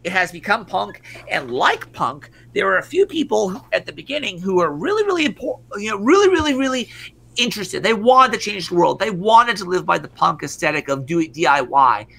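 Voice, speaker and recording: A man's voice: high-pitched, sing-song, brisk, gravelly, a bit bright. A man co-hosting an online show, ranting in profane casual commentary full of stumbling restarts. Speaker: stream co-host.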